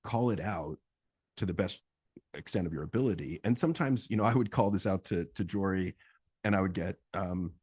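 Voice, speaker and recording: A middle-aged man co-hosting a couples therapy podcast, explaining in a calm, measured way. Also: deep voice, breathy edge, dry recording. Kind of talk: casual chat with role-play.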